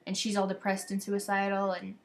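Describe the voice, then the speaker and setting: A woman's voice: medium pitch, completely flat delivery, brisk. Teenage girl, casual webcam chat; rambling, gossipy, venting to a friend. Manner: rambling, gossipy, quotes others in exasperated voices. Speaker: vlogger sending a video message to a friend. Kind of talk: casual chatty video message.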